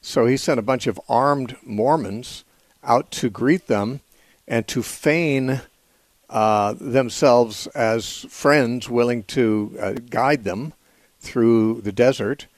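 A man hosting a call-in radio show, answering callers in a measured, thoughtful way with frequent fillers. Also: medium pitch, dry recording. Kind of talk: call-in radio Bible teaching.

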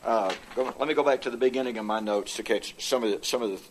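A medium-pitched man gives a halting argument in a formal theological debate presentation, using projected notes, with slight background noise. He often restarts and fills gaps with "uh."

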